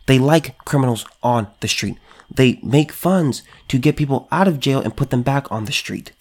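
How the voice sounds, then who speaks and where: A man's voice: mid-range voice, normal speed, darkish tone. A man giving political commentary in a vlog, pressing hard with repeated rhetorical questions and stammering restarts when he gets worked up. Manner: emphatic, repetitive rhetorical questions. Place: California.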